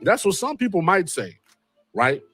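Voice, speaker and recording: A man in a host's chair talks through a court case in a loose, animated way, his voice rising and dropping all over its fairly high range. His joking asides come through dry and close, with faint music behind him. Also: moderate pace, husky, no room sound. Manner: animated, repeats a catchphrase, wry asides. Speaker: host. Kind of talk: casual commentary on a court case.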